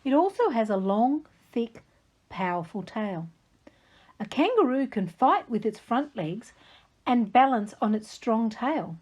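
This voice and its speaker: A woman reading a children's story aloud, slow, clear and expressive, speaking to young kids. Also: a little high. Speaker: reading teacher.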